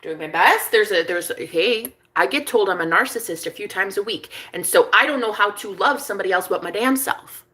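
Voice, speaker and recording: A young woman vlogger telling a story in casual chat, chatty and excitable, swearing freely and breaking into laughs. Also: medium pitch, fairly quick, few pauses.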